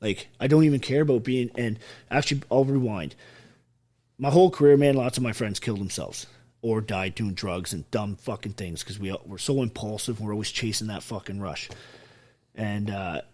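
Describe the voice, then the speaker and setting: A husky man from Canada speaks in a fairly low voice as a podcast guest. He tells his life story bluntly, with hard swearing and driving intensity. An army veteran who never softens his words. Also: moderate pace. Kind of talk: raw personal storytelling in a podcast interview.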